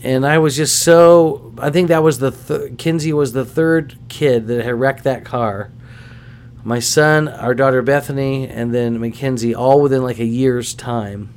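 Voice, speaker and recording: A middle-aged man hosts a podcast in an easygoing storytelling manner. His voice sits at a mid pitch, and he gets animated and pokes fun at himself as he goes. A faint hum stays in the background. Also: measured pace. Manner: animated, self-deprecating, acts out voices in anecdotes. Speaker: podcast host. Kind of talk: casual storytelling.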